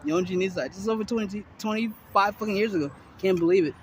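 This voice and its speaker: A man's voice: sits high, fast talker, a little hiss or hum. Rambling, cursing man in his forties. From Miami, Florida. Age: 40s. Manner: loose, profane, heavy filler talk. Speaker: vlogger. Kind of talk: rambling casual monologue to camera. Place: outdoors on a city street.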